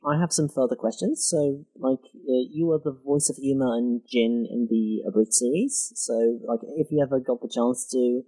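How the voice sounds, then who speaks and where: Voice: mid-range voice, warm tone, breathy edge, poor audio. Hesitant podcast host asking questions. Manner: hesitant, many filler pauses while asking questions. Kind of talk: casual podcast interview.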